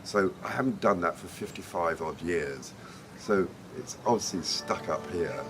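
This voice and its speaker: A man's voice: deep voice, lively intonation, a little slow. An older Englishman, a musician, telling rambling, chatty anecdotes in a documentary interview. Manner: chatty, rambling storyteller who laughs easily. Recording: noisy ambient documentary recording.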